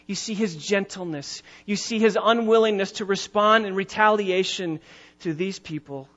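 Through dull audio, a high, slightly bright male voice delivers a sermon as pastor. He preaches emphatically, drawing out his key words and lifting his voice on them.

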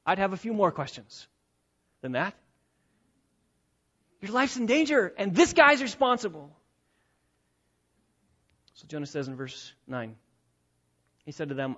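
A man preaching an expository sermon, emphatic and repetitive, swinging between loud and quiet. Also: a little high, measured pace, dull audio.

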